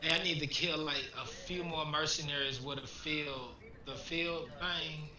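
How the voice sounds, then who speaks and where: A man's voice: on the high side, fairly even intonation, measured pace. A man from North Carolina talking easily with friends during a game. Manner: easygoing, laughs often. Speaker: gaming friend. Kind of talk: casual gaming chat. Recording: roomy, with crowd noise.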